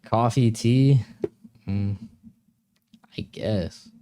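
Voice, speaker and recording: A man's voice: fairly low pitch, drawn-out words, mellow, a little hiss or hum. A young man hosting a live stream, chatting casually with viewers in a laid-back, slangy way and laughing often.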